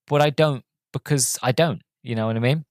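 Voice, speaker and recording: A man's voice: mid-range voice, a little fast, darkish tone, dry recording, studio quality. Deflated man rambling through a review. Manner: rambling, hesitant, many fillers and restarts. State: sounds deflated and let down. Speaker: podcast host and film reviewer. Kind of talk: casual spoken film review.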